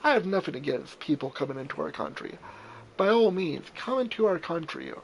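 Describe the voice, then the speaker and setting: A man's voice: fairly high pitch, animated, brisk, gravelly, a little hiss or hum, rough recording. A young man chatting casually while playing a survival game, rambling and repeating words, with casual swearing.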